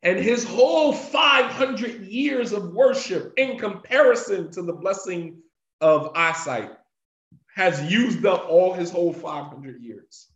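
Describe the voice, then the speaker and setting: Male preacher, emphatic and repetitive, high-pitched, dull echoey recording. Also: expressive, a bit bright. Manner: emphatic, repeats key phrases for effect; recites Arabic passages quickly between English explanation. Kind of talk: devotional talk.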